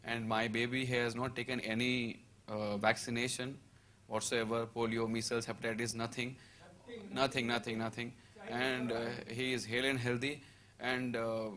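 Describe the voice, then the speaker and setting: Male, 30s, testimony speaker, bright tone, hesitant with lots of fillers. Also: medium pitch, slight background noise. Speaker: seminar attendee giving a testimony. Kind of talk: personal testimony.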